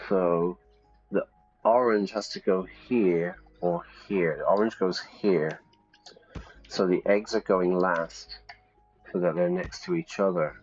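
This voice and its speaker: Lively male English teacher. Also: deep voice, slow. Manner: lively, explains aloud, thinks out loud. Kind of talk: live-stream lesson while playing a game. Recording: slightly dull, faint music.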